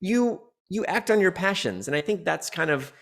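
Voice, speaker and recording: Male comedian guest, gravelly, loose and rambling, laughs a lot. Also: sits high, expressive, normal speed, fairly bright tone. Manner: playful, rambling, laughs often. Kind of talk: casual podcast chat.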